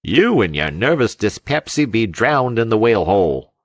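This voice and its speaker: A man voicing a fat, tubby little old fisherman in an audiobook, snappish and grumbling in a slow drawl. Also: fairly low pitch, very animated, voice pushed up. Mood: grumpy.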